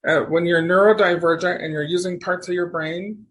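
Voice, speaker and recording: A man as a podcast guest, telling stories in a rambling, animated way and often restarting his sentences. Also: high voice, a little fast. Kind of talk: casual storytelling conversation.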